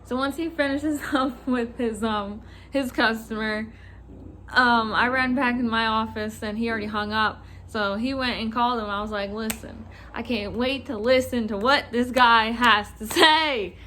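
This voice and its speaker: A young woman vlogger telling a work story in a casual, animated rant, swearing and acting out what callers said. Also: on the high side, normal speed, slight background noise.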